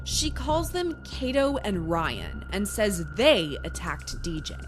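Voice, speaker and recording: A woman's voice: medium pitch, very animated, takes it slowly, music in the background. A woman narrating a true-crime show in a dramatic, emphatic scripted delivery.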